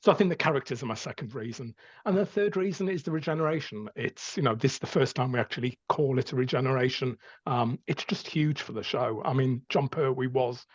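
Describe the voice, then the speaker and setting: An earnest man lays out his reasons one by one on a podcast. His voice is husky, and the recording sounds dull and dry, as from a home setup. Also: medium pitch, brisk, few pauses, no room sound. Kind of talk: casual chat.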